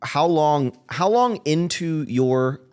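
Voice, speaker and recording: A man's voice: fairly high pitch, lively intonation, slow, darkish tone, smooth. A man hosting a podcast in casual chat, asking teasing, joking questions. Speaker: podcast host.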